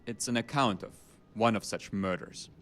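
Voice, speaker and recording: A man's voice: fairly low pitch, moderate pace, a bit bright, lightly acted. An actor with a German accent playing a dry, world-weary male archivist in a video game, with a clipped, matter-of-fact delivery. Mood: grave. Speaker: game character. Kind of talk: game voice acting.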